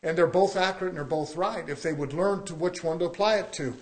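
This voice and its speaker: A man's voice: on the high side, fast. A man preaching a sermon to his church, building emphasis with rhetorical questions. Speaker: pastor.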